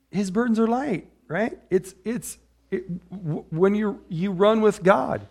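Speaking slowly in a high, animated, slightly mellow voice, a middle-aged pastor delivers a casual sermon in a conversational manner. He often strays into personal stories and checks in with "right?".

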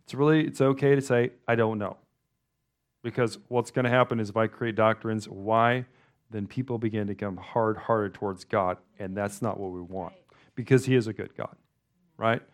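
A man's voice: on the low side, fairly even intonation, moderate pace. A male pastor giving a loose, conversational sermon, wandering through asides and restarting his sentences often.

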